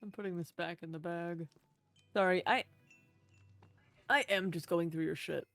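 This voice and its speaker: Casual gamer woman, slightly low voice, blunt and sweary, soft music underneath. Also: fairly even intonation, moderate pace, vocal fry. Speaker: roleplay server player. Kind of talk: casual gaming chat.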